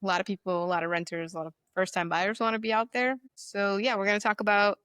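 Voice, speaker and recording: A woman's voice: mid-range voice, level tone, quick pace, fairly bright tone, smooth, dry recording, clean studio sound. A woman hosting a casual podcast, chatty and upbeat with lots of fillers. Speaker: podcast host.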